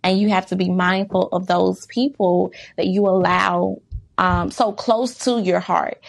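Emphatic woman with a gravelly edge. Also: medium pitch, steady tone, measured pace. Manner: emphatic, full of rhetorical questions; candid, reflective, faith-centered. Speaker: vlogger. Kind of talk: casual talking-to-camera monologue.

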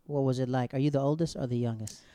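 A man's voice: mid-range voice, fairly even intonation, fast, warm tone, clean tone, dry recording, clean studio sound. A man hosting a casual interview, asking teasing questions and laughing easily. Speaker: host.

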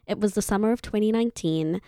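Lively young woman telling a story. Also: mid-range voice, fast, clean tone, dry recording, studio quality. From Zimbabwe. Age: 20s. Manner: lively, chatty and playful with asides to the listener. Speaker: vlogger. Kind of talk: casual storytelling.

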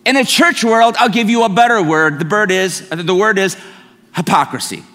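In a church sanctuary with long, hall-like reverb, a middle-aged man delivers a sermon as pastor. His voice is high, bright and forceful at a moderate pace, and he spins stories in a chatty, self-mocking way.

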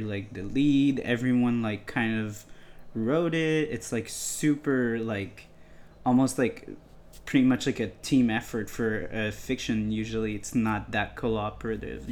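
A man interviewing a guest, asking long, halting questions full of stammers and "like". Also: on the low side, a little mellow. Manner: halting, stammering, heavy use of "like".

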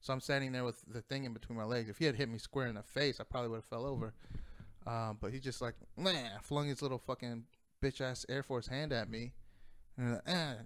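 Man, casual storyteller, profane and rambling, smooth tone. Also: mid-range voice, steady tone, a little fast, a bit bright. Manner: profane, rambling, laughs often.

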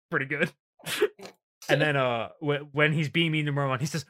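A man hosting a podcast in casual chat, animated, swearing freely and laughing often. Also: on the high side, normal speed. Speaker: podcast host.

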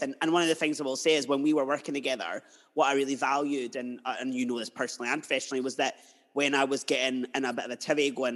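Male podcast host, mid pitch, chatty, storytelling, long reverb. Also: fairly even intonation, quick pace, fairly bright tone. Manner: chatty, emotional, tells stories. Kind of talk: podcast interview.

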